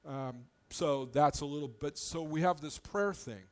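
A man's voice: on the high side, a little slow. A man preaching a sermon as pastor, in a conversational, plain-spoken way, often restarting his phrases as he explains.

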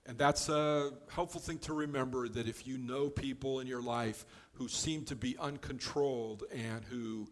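A man giving a conversational Bible teaching, explaining verses in a relaxed way with offhand joking asides. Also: mid-range voice, normal speed, few pauses.

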